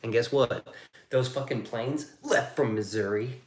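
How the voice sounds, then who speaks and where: A man's voice: mid-range voice, a little slow. Male streamer, loose and jokey, swears freely, reads chat aloud; roomy, echoey sound. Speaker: livestream host reading chat. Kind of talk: casual livestream chat.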